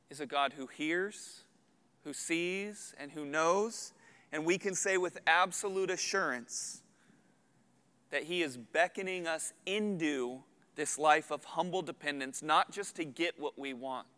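Man, thirties, pastor, sermon, earnest, emphatic, smooth resonant voice, slightly high. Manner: earnest, builds to loud emphatic peaks. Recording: long hall reverb.

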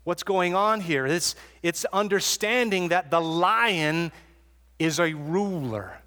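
A man's voice: sits high, expressive, takes it slowly, bright, forceful tone, long reverb tail. A man preaching an expository sermon in an earnest way, often repeating words as he restarts a thought.

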